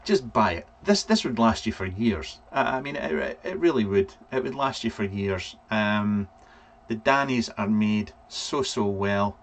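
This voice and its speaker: In an unhurried, expressive and fairly low voice, a Scottish vape reviewer chats casually on his live vlog. He wanders through the names of his viewers, filling gaps with ums.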